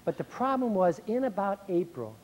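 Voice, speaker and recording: A man's voice: high voice, moderate pace. A middle-aged man giving a motivational speech to school staff, acting out complaints in a raised voice. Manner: animated, acts out complaints in a raised voice. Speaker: speaker. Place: speech hall, recorded 1990.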